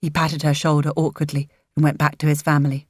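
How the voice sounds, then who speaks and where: A woman reads a story aloud in a low, gentle and measured voice. She speaks close to the mic, and the sound is dry. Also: completely flat delivery, no room sound. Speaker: narrator. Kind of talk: audiobook narration.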